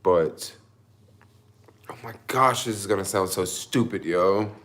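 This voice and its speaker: A young man, low-voiced and a bit bright, takes his time telling a vlog story about his delivery shift. Emotional and near tears, he rambles self-consciously with lots of fillers and restarts.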